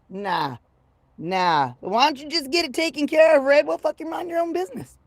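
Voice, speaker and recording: Fifty-something lady rambling on her livestream, crude and brash, kinda high voice, dry close sound. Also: moderate pace, no room sound. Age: 50s. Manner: brash, profane and rambling, swings from low mutter to loud excitement. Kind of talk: casual livestream chat with viewers.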